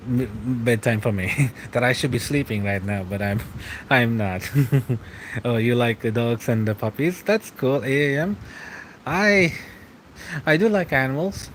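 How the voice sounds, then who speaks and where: A man's voice: medium pitch, low-quality recording. Guy in his 30s rambling on a late night stream, lots of little laughs and restarts, bit of faint hiss behind. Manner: rambling, halting, laughs often.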